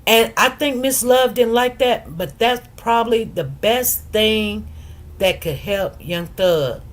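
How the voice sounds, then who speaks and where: Animated woman giving casual commentary. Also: on the high side, slow pace. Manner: animated storyteller who acts out quotes in different voices; loose, conversational, with many restarts and asides to viewers. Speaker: commentary channel host. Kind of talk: casual commentary on a court case.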